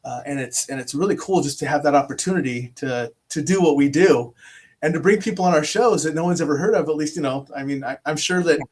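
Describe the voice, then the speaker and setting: A man chatting casually as a guest over a video call, telling rambling, animated stories with many restarts. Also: on the high side, fast. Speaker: podcast host appearing as guest. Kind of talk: casual chat.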